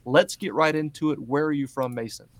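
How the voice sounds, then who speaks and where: A chatty, enthusiastic man hosts a relaxed podcast interview. His voice sits a touch higher than most men's, and the recording is dry and close, with no room sound. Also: a little fast, dry recording. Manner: enthusiastic, chatty, loud greetings. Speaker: podcast host. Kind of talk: casual interview chat.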